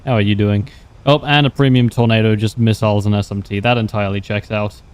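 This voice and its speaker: A man's voice: on the low side, steady tone, quick pace, a little hiss or hum. A young man livestreaming a game, chatting casually with wry humor, laughing often and answering viewers' questions. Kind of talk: casual gameplay commentary.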